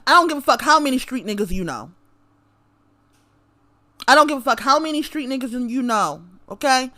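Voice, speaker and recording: A woman with a high, sharp, bright voice rants straight to camera. She is confrontational and profane, and she hammers her points by repeating them. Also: lively intonation, moderate pace. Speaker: vlogger. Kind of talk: direct-to-camera rant.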